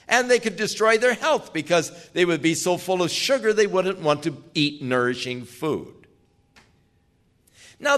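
An older man preaching in a slow, unhurried sermon. His pitch rises and falls widely as he presses earnest, emphatic questions on his listeners. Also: fairly bright tone.

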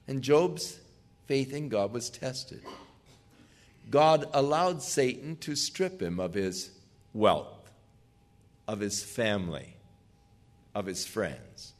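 A man's voice: medium pitch, expressive, slow, pauses often. An older man preaching a sermon in an earnest, emphatic way, putting questions to his listeners.

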